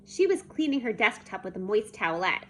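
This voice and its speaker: A woman reading a children's chapter book aloud in a lively, expressive way. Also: mid-range voice, brisk, slight background noise. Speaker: storybook reader.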